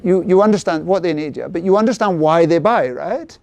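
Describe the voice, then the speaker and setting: A middle-aged man presenting a sales workshop who keeps checking in with the audience through quick tag questions. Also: high-pitched, vocal fry, a little mellow, dry recording. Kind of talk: interactive seminar talk.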